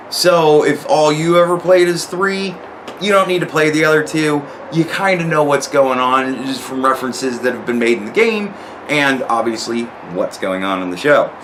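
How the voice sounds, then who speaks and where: A man's voice: a little high, a bit bright, a little hiss or hum. Rambling, foul-mouthed man reviewing a show. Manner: rambling, profane, restarts words often. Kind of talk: casual review monologue.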